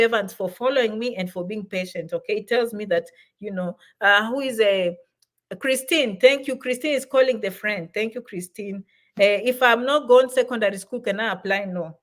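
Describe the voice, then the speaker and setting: A middle-aged woman hosting a casual livestream, reading out viewers' comments and answering their questions warmly. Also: mid-range voice.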